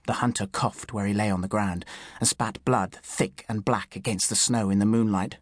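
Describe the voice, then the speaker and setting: A man narrating an audiobook in clear, measured storytelling. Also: on the low side, steady tone, no room sound, clean studio sound. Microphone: studio microphone.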